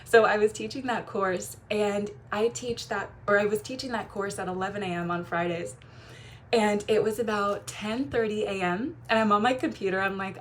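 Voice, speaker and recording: Young woman, casual vlog coach, warm gushing delivery, light background noise. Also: medium pitch. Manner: warm, gushing, quick laughs and playful quoted voices. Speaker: feminine energy coach. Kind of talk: casual talking-to-camera advice.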